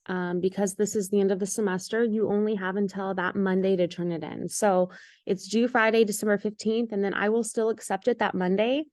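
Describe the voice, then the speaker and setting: A woman's voice: medium pitch, a little mellow, no echo, clean studio sound. A woman teaching an art lesson in a recorded video, giving patient, step-by-step instructions with the odd "um".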